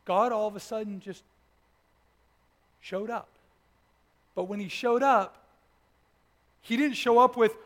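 High-voiced pastor telling a story. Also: male voice, slow pace, pauses often. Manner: animated storytelling, swinging from loud to hushed. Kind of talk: sermon with personal testimony.

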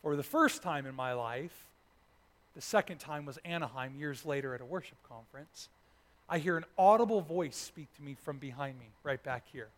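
A pastor with a fairly high male voice tells a story from the pulpit. His delivery is animated, and he swings between loud bursts and hushed, almost whispered passages. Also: moderate pace. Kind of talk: sermon with personal testimony.

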